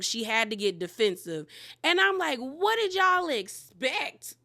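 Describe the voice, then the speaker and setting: Brief: woman recap host, blunt and slangy, fairly high, bright and forceful voice. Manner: candid, slangy, emphatic. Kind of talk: casual commentary.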